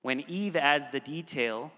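Bright-voiced pastor preaching in a hall. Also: male voice, a little high, unhurried. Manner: conversational, with frequent "okay" asides. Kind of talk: sermon. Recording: long hall reverb.

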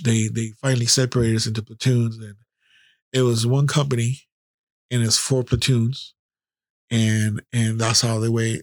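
A man's voice: medium pitch, no echo, clean studio sound. A middle-aged man hosting a podcast, telling a candid personal story in a blunt, heavily profane way. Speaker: podcast host.

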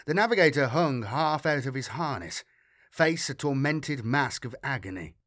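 A man reading a sci-fi audiobook in a steady, dramatic storytelling manner. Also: mid-range voice, normal speed, no echo, clean studio sound. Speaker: audiobook narrator. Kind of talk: scripted narration.

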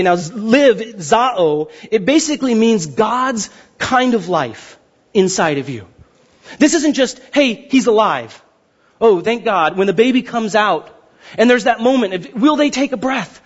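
Excitable high-voiced male pastor preaching. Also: husky, highs cut off. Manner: excitable, fast-talking, asks the crowd questions. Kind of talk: sermon.

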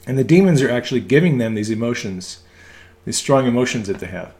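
A man's voice: mid-range voice, animated, a little fast, darkish tone. A man, an ambulance medic, giving a casual religious teaching talk, hesitating with frequent ums and restarts. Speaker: ambulance medic speaking on faith.

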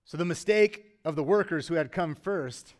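A middle-aged man preaching a sermon as pastor, earnest and conversational, with emphatic rises and quiet drops. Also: on the high side, normal speed.

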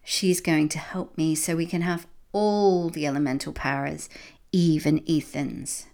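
A woman playing a cold, gloating male villain from a children's storybook. He taunts in a sly, sing-song way, with a fairly low voice. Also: fairly even intonation, a little slow, creaky, darkish tone.

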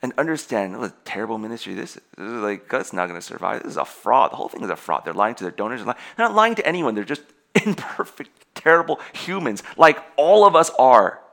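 A young adult man preaching a sermon to his congregation in an animated way, laughing often and restarting his sentences. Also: lowish voice, quick pace, creaky. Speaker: pastor.

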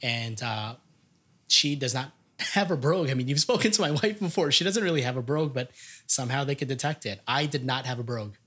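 A man's voice: medium pitch, brisk, sharp tone, husky. A young adult man hosting a casual podcast, upbeat and chatty, laughing often. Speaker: podcast host.

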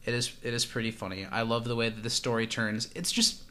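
Bright-voiced man recapping a TV episode. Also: mid-range voice, level tone, fast. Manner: dry teasing, retells scenes in detail. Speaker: podcast co-host. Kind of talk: casual podcast chat recapping a TV episode.

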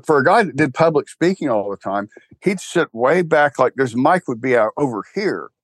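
A man's voice: medium pitch, lively intonation, normal speed, dry recording. An older man with a Texan accent, rambling wryly in a casual interview chat, full of restarts and fillers. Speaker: guest, church co-founder.

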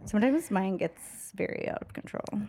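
A young woman with a medium-pitched voice co-hosts a casual podcast, speaking at a normal speed as she tells stories and animatedly acts out what people said. There's slight background noise.

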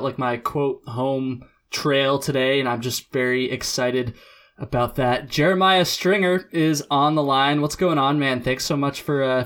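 A young man hosts a podcast in a loose, friendly chat. He laughs often and trips over his words as he restarts sentences, sounding relaxed and unscripted. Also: mid-range voice. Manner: laid-back, laughs often, many fillers and restarts. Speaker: podcast host. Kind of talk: casual podcast interview.

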